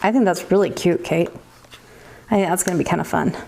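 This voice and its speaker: A woman's voice: lowish voice, a little fast, vocal fry, a little mellow, a little hiss or hum. A middle-aged woman from the United States, a metalsmithing teacher chatting casually with viewers while teaching, laughing often and sounding tired. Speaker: livestream host, metalsmithing teacher.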